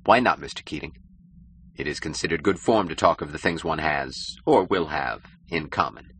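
A man voicing a cynical, powerful male publisher who speaks gravely and with smooth mockery in an audiobook. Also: rumbling low, normal speed, a bit bright, a little hiss or hum. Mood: mocking.

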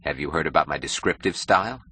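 A man voicing a cynical, powerful male publisher who speaks gravely and with smooth mockery in an audiobook. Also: extremely low pitch, animated, quick pace, bright, forceful tone, a little hiss or hum, heavily acted. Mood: mocking.

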